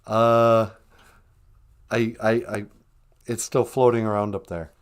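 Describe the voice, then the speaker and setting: A man's voice: fairly low pitch, little pitch movement, slow, clean tone. A man hosting a podcast in playful casual chat, joking, laughing often and making beep sound effects. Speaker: podcast host.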